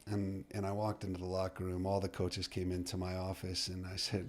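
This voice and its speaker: A middle-aged man, a soccer coach, telling a story as a podcast guest, lively and full of restarts as he acts out the dialogue. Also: deep voice, brisk, few pauses. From United States.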